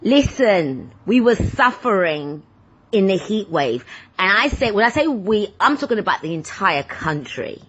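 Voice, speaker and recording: A woman's voice: medium pitch, a little slow, husky. A woman hosting her podcast as a casual, playful monologue. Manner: animated, playful, breaks into silly singing. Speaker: podcast host. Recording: dull lo-fi recording.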